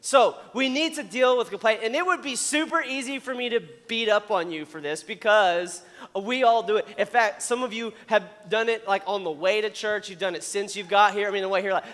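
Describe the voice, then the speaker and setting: High-voiced man preaching in reverberant hall. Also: brisk. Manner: animated, chatty, playfully acts out complainers. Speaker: youth pastor. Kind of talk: youth sermon. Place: church auditorium.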